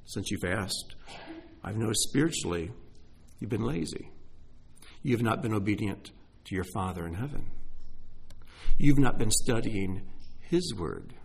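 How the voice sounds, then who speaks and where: A middle-aged man preaching a sermon, emotional, swinging from hushed asides to exclaiming. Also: on the low side, gravelly, breathy edge. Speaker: pastor.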